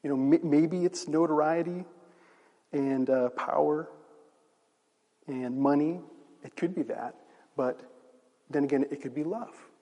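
A male pastor preaches a sermon in a conversational style, posing rhetorical questions to his audience. His voice sits on the high side and sounds warm, moving a little slowly with long pauses, while a large hall adds a long reverb.

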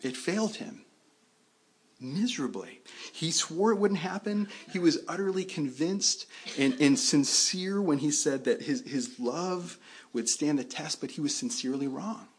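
A man's voice: on the high side, moderate pace, slightly rough. A man preaching a sermon in a conversational way, often restarting his sentences. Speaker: pastor.

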